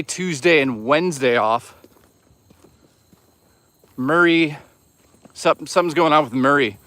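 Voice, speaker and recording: A man's voice: on the high side, a bit bright, dry recording. A man hosting a casual livestream outdoors on a hike, rambling and swearing as he chats with viewers. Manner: rambling, profane, chatty with viewers. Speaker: livestream host.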